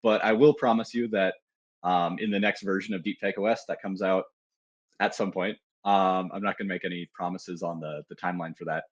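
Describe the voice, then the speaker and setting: A man's voice: deep voice, fairly even intonation, brisk, no room sound, lo-fi sound. A man presenting a security tool in a live technical demo, talking casually with fillers and restarts.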